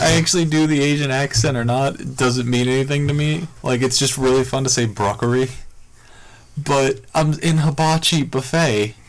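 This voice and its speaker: A man's voice: mid-range voice, slight background noise, rough recording. A man co-hosting a podcast, telling stories and acting out the lines of people in them. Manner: animated storyteller, acts out quotes. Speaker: podcast co-host. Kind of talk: casual chat.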